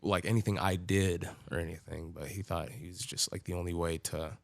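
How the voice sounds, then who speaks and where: A man's voice: sits low, steady tone, fairly quick, gravelly, no echo. A man telling his own story as a podcast guest in a loose, profane way, full of filler words. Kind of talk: casual storytelling.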